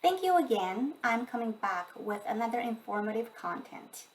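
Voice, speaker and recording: A woman with a somewhat high voice delivers a scripted grammar lesson. She explains each point slowly and carefully, in the manner of a teacher. Her voice sounds a little distant from the microphone. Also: very animated. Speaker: language teacher.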